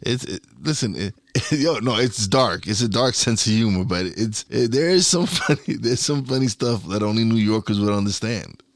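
A man's voice: on the low side, animated, moderate pace, few pauses, no echo, studio quality. A man from Brooklyn, casually telling a story as a podcast host and laughing often as he talks. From Brooklyn, New York. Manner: chuckling anecdotal storyteller. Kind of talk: casual chat.

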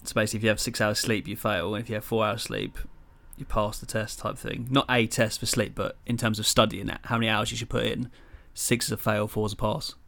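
Swearing young man, lower voice. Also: fairly even intonation, fairly quick, vocal fry, few pauses, fairly bright tone. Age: 20s. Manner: swears freely, jokey banter. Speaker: podcast co-host. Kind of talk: casual chat.

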